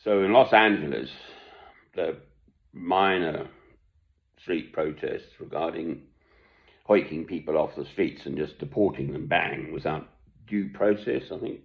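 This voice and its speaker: A man's voice: very deep voice, measured pace, gravelly, long pauses. An older man giving a rambling, chuckling monologue from home, self-deprecating and meandering. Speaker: online commentator. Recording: dull lo-fi recording.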